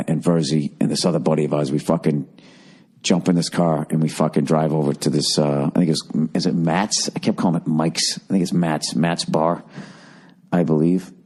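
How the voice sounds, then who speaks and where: A man in his forties hosting a podcast alone, rambling through a comic story with heavy swearing and sudden shrill put-on voices for the people he quotes. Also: a little mellow. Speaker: podcast host. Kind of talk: rambling comedic monologue.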